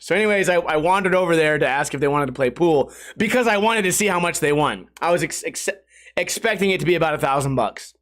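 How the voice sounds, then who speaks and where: Guy rambling thru bar stories on his podcast, kinda high voice, laughs a lot. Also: fast talker. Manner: rambling, animated, laughs through stories, swears casually. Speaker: podcast host. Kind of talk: casual solo podcast storytelling.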